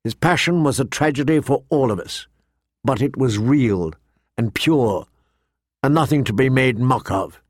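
A man's voice: medium pitch, expressive, unhurried, dry recording, studio quality. A man reading aloud, voicing a proud, cold noblewoman with a stern, clipped manner.

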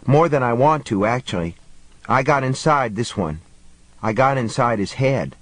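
A man voicing a solemn young boy who talks quietly and gravely about terrible things. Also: medium pitch, lively intonation, moderate pace, no echo. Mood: somber.

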